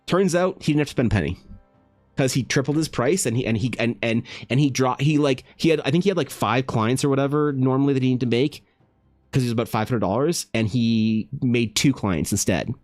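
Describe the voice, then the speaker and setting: A man's voice: brisk, no room sound. Rambling, profane man with faint music. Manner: loose, profane storytelling full of "like" and "bro"; slides into animated high-pitched voices for quoted people. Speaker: artist streaming while drawing. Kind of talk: casual rambling chat.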